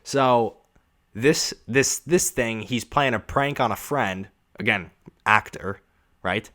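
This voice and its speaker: A man's voice: mid-range voice, slow pace, bright, forceful tone. A young man hosting a podcast, ranting casually and sarcastically with lots of profanity. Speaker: podcast host.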